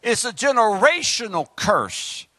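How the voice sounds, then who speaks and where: A male pastor with a Southern US accent, preaching a fiery sermon and swinging from loud outbursts to quiet asides. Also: sits high, sing-song, unhurried, no room sound. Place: church sanctuary.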